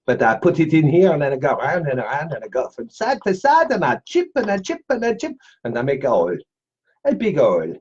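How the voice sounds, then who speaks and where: Comic put-on: a man doing a goofy French-accented character with a bouncy, husky voice. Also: on the high side, huge pitch swings, fairly quick, a little mellow, highs cut off, voice pushed up, exaggerated voice. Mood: hammy. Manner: hammy, playful.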